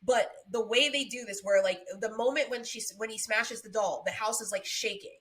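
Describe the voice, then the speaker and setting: A woman co-hosts a casual podcast conversation. She tells stories with lively swings in pitch and acts out the quotes she retells. Her voice sits slightly high. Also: normal speed. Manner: animated storytelling, acting out quotes with big pitch jumps. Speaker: podcast co-host. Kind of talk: casual chat.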